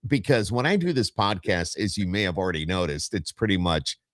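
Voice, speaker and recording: A man's voice: low voice, very animated, fairly quick, dry recording, clean studio sound. A man hosting a podcast, talking in an enthusiastic, chatty way with his guest. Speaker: podcast host. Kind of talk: casual interview chat.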